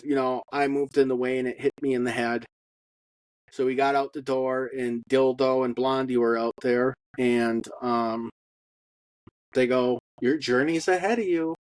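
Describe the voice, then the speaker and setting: A man talks through his own story in a halting, unpolished monologue. He stops often on ums and uhs and swears bluntly. His voice sits at a middling pitch and comes across dry, with no room sound around it. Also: a little mellow, no room sound, low-quality recording. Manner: halting, with many fillers and blunt profanity. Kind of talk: personal testimony monologue.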